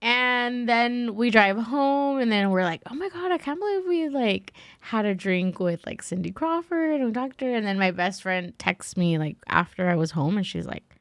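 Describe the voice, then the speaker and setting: Animated woman telling a story. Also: medium pitch, unhurried, hardly any pauses, clean tone, no room sound. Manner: animated storyteller, acts out quoted voices; says "like" and "right?" a lot. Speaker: podcast guest. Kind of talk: casual chat.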